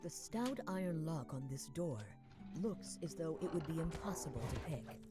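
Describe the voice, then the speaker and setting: A woman voicing a calm game narrator, reading atmospheric scripted descriptions in a measured way. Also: low voice, loud music behind the voice.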